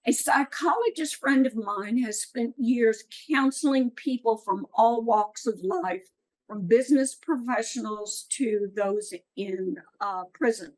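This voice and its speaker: A woman's voice: a little high, unhurried, rough recording. A middle-aged woman giving an earnest, encouraging talk at a writing workshop. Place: meeting room.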